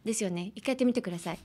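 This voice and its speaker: A woman's voice: a little high, bright, forceful tone, husky. A young woman hosting a podcast and teaching English pronunciation in a casual, playful way. She laughs often and mixes English with Japanese. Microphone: talking into a camera.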